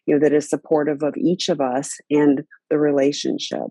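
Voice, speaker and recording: A woman's voice: low-pitched, level tone, normal speed, mellow, dry recording. A woman hosting a podcast, chatting casually and hesitantly with frequent restarts and "you know"s. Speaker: podcast host. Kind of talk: casual chat.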